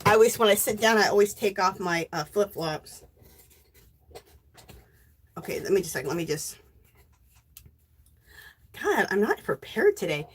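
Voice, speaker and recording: A woman hosting a casual crafting live stream, warmly greeting viewers by name and reading their chat messages aloud. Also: mid-range voice, very animated, unhurried, pauses often, breathy edge. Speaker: livestream host.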